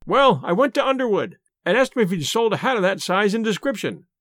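A man's voice: sits high, very animated, a little fast, fairly bright tone, no room sound, studio quality. A man voicing a boastful police detective who tells his story with eagerness. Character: brash, self-pleased police detective, a man.

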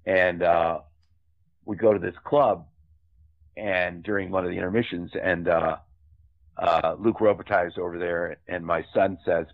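A man's voice: sits low, steady tone, normal speed. An older man, a film director, telling rambling, chatty stories with many asides in an interview. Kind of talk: anecdotal interview storytelling. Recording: tinny phone-like remote line.

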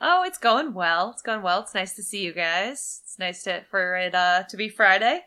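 A woman's voice: mid-range voice, animated, moderate pace, pushed and bright, clean tone. A woman co-hosting a podcast, easygoing and amused in casual chat. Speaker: podcast co-host.

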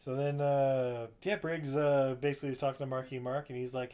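On a podcast, a man rambles through a film recap, swearing freely and often acting out the characters' lines. His mid-range voice is dark and clean, fairly quick with few pauses and little pitch movement.

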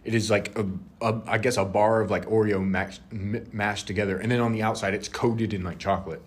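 A man's voice: lowish voice, fairly even intonation, brisk. A young man co-hosting a casual chat, laid-back and rambling with frequent restarts. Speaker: co-host.

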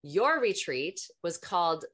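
A woman with a notably low, deep voice speaks as a podcast guest. She tells a spiritual healing story candidly and at length, rambling and cursing without restraint. She sounds like an energy healer talking openly about her own experience. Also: big pitch swings, a little slow, fairly bright tone. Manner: frank, swears freely, rambling.

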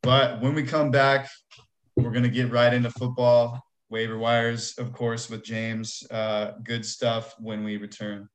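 A man's voice: mid-range voice, level tone, a little slow, slight background noise. A man hosting a casual sports podcast, loose and profane as he introduces the segments. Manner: loose, swears freely, announces segments. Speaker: podcast host.

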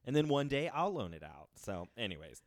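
Man, 30s, very low voice, rambling casual talk, laughs a lot. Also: sing-song, fairly quick, no echo, clean studio sound. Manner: rambling, laughs often, trails off into fillers. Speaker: podcast co-host. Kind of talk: casual chat.

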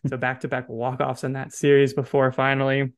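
Man, podcast host, casual sports chat, mid pitch, self-correcting. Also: completely flat delivery, a little fast, clean tone. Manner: chatty, self-correcting, checks facts aloud.

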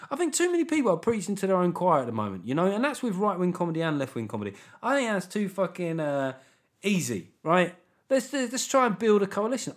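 A British man hosting a podcast, chatting casually with cheeky, irreverent banter. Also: a little high. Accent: British English. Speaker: podcast host. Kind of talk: casual comic podcast monologue.

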